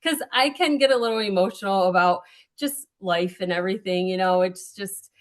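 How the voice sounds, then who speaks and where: A woman's voice: medium pitch, normal speed. A woman mayor giving prepared remarks at a town hall, earnest, with frequent ums and small self-corrections.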